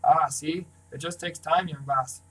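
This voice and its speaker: A man reading a novel aloud, voicing an older male castaway sailor in a firm, reassuring tone, a little louder than his narration. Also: on the high side, fairly even intonation, measured pace, rough recording. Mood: steady.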